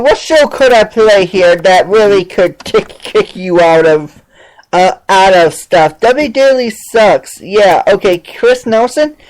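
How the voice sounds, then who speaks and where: A man's voice: very high-pitched, poor audio. A male podcast host ranting in a mocking, sarcastic way, over and over asking "seriously". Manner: sarcastic, keeps saying "seriously".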